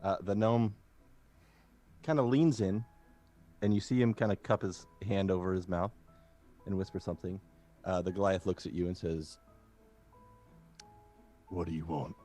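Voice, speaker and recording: A man running a tabletop game as game master, narrating in a relaxed, hesitant way. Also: low-pitched, moderate pace, long pauses, soft background music.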